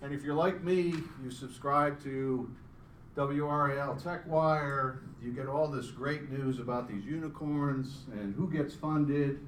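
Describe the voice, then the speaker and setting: A middle-aged man, a startup founder, giving a chatty, self-deprecating pitch presentation to a live audience and joking with the crowd. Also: a little slow. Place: event room with an audience. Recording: roomy sound from a distance, faint background hum.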